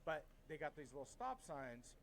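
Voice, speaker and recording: A middle-aged man from Washington State telling a story in a casual podcast chat, heated, swearing often, and animated. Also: fairly high pitch, moderate pace, vocal fry, a crowd in the background, low-quality recording. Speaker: podcast co-host.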